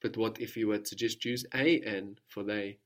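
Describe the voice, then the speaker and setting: A man's voice: on the low side, fairly even intonation, normal speed, a bit bright. Patient male language teacher. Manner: patient, prompting with questions and repeating answers. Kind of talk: guided language lesson.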